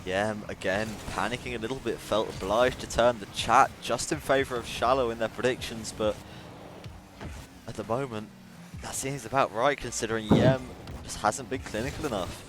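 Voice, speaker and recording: A man with an Irish accent giving play-by-play esports commentary, lifting to excited calls at big plays. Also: medium pitch, normal speed. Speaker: esports caster. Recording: noisy background.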